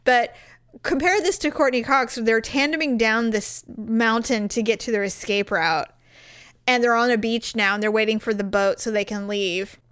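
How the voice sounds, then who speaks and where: Animated high-voiced woman gossiping. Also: normal speed, clean tone. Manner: animated, acts out quotes, blunt and profane. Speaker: podcast co-host. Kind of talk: casual chat.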